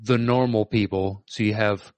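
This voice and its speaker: A man's voice: lowish voice, fairly even intonation, normal speed, darkish tone, no room sound. A middle-aged man co-hosting a podcast in casual chat, thinking aloud with hesitant ums and likes. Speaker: podcast co-host.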